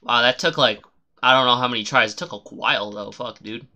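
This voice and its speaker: A man streaming a game live, chatting casually and swearing a lot, rambling and then shouting suddenly at the game. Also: medium pitch, a little fast. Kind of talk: casual live gameplay commentary.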